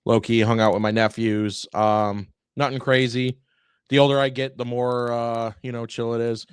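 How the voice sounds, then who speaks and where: A man's voice: mid-range voice, little pitch movement, moderate pace, clear, resonant tone, no echo. A man in his thirties co-hosting a podcast, laid-back and casual, laughing along with short reactions. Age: 30s. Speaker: podcast co-host. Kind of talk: casual chat.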